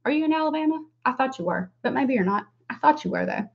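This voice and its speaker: A woman's voice: sits high, lively intonation, fast talker, gravelly. A woman in her forties with a Southern US accent, chatting casually while doing her makeup on a livestream and greeting viewers by name. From American South. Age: 40s. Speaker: makeup vlogger. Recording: slightly dull lo-fi sound.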